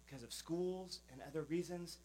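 A man's voice: on the high side, moderate pace, a little mellow, rough recording. A man, a pastor, giving a sermon in a conversational, informal manner with many fillers.

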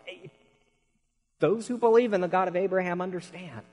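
A man's voice: sits high, moderate pace, in a large hall, low-quality recording. A man preaching a sermon, telling folksy stories in an earnest way.

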